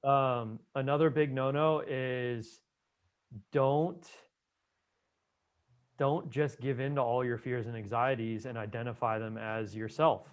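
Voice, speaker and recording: A man's voice: mid-range voice, fairly even intonation, slow pace, clear, resonant tone. A man who is an Ayurvedic doctor, chatting casually as an interview guest, with lots of "you know" fillers.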